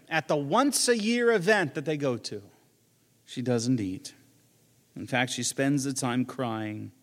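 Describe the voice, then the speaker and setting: A man's voice: mid-range voice, big-room sound. A man, a pastor, preaching a sermon in a conversational way, with joking asides and quoted lines he acts out.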